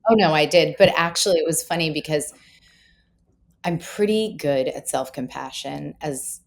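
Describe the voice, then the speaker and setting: A woman's voice: low voice, moderate pace, creaky. A woman in her forties, a parenting expert, chatting candidly and with self-deprecating humor in a podcast conversation.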